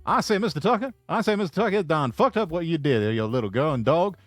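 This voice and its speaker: A man doing a pompous, loud old cartoon rooster in a put-on Southern drawl, stammering "I say, boy" as he lectures. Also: on the high side, animated, fast, dry recording, soft background music, voice pushed up. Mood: lecturing. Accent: American Southern (put on).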